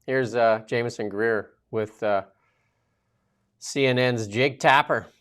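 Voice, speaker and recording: A man hosting a political commentary show, emphatic and sarcastic, firing off loud rhetorical questions. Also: medium pitch, slow, clear, resonant tone. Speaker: show host.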